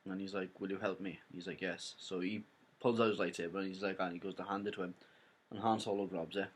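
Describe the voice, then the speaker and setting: A man's voice: deep voice, fairly even intonation, fast, husky. Rambling young Welsh man retelling a film. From Wales. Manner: rambling retelling full of "like" and "basically". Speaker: film reviewer. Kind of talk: casual spoiler review.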